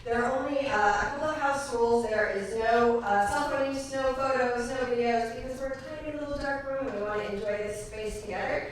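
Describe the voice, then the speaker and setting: A woman hosting a small live show, going over house rules and introducing acts, friendly with many "uh" pauses. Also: a little high, steady tone, a little hiss or hum. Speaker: show host. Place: tiny dark performance room. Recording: echoey and distant, audience murmur.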